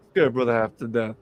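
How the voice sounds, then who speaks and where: A man in the middle range of male pitch, hosting a late-night live podcast. He tells a story casually and with energy, swears often, and slips into the voices of the people he is quoting. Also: highs cut off, slight background noise. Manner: animated, profane, acts out quoted voices. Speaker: podcast host.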